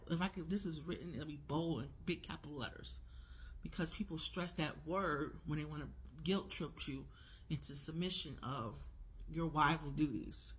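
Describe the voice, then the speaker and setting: A woman in her forties talks straight to her audience in a casual vlog. Her voice is husky and a little breathy, and she leans hard on words, repeating them for emphasis. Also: low voice, a bit bright. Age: 40s. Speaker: vlogger.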